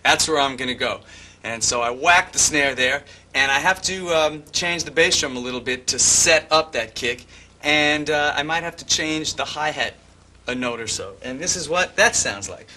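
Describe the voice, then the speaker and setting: An older male drum teacher with a bright, forward voice walks through a beat piece by piece. His tone is methodical, and faint room ambience sits behind him. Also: normal speed, slight background noise. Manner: methodical, hums bass lines as syllables. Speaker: drum instructor. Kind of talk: instructional explanation with count-ins.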